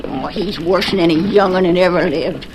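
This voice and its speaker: A woman playing a sharp-tongued frontier housewife. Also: on the low side, moderate pace, natural voice. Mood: impatient. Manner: scolding, name-calling. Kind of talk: 1940s radio acting. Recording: noisy 1940s radio broadcast.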